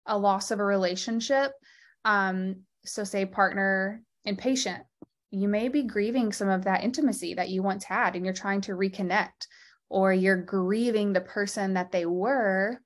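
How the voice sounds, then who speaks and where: Earnest woman clinician in a candid interview. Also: medium pitch. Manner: earnest and heartfelt, quick bursts of speech. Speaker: interview guest, podcast founder and lymphedema clinician.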